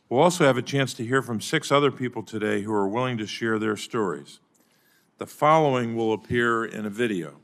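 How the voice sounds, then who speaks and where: An older man chairing a formal hearing, giving measured opening remarks with some halting restarts. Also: on the low side, fairly bright tone. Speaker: committee chairman.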